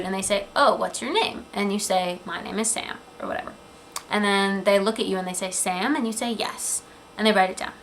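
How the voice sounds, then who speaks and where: A woman in her twenties talking in a casual, earnest personal vlog, chatty, with frequent ums and quick asides. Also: mid-range voice, fairly bright tone, low-quality recording. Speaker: vlogger. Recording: 2008 webcam video, faint room noise.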